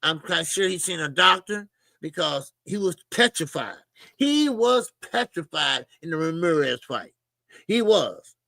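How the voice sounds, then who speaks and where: A man's voice: on the high side, expressive, unhurried, gravelly, sharp tone, dry recording, clean studio sound. A man hosting a casual boxing livestream, talking animatedly with swearing and greeting chat viewers by name. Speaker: boxing show host.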